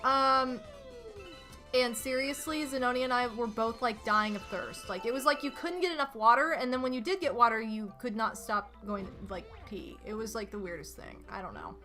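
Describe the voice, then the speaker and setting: A young woman streaming a video game from home, chatting casually and telling stories to her viewers in an animated, rambling way. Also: on the high side, a little fast, few pauses. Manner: chatty, animated storytelling with lots of "like" and laughs. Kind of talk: casual gaming stream chat. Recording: game music faintly behind.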